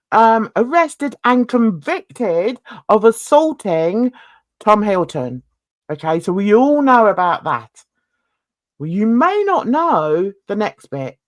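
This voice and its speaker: A woman's voice: medium pitch, dry recording, studio quality. A woman hosting a crime reaction channel, talking in a chatty, exclamatory, rambling way while nursing a toothache. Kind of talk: casual reaction vlog chat.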